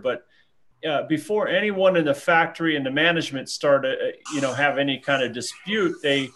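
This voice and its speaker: A man's voice: mid-range voice, fairly bright tone, a little hiss or hum. A man hosting a casual group chat, who jumps in with long conversational explanations.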